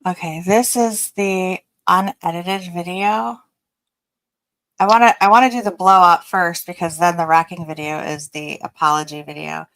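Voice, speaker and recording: A woman co-hosting a livestream, calmly cueing up and playing video clips. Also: normal speed, no room sound. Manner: low-key, playing clips. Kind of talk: casual livestream chat.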